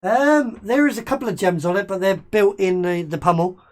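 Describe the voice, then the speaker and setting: A man's voice: sits high, normal speed, a little mellow. Hesitant man running a tabletop game. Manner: hesitant, many ums and restarts while improvising. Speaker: game master. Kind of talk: narrating and voicing a merchant in a tabletop game.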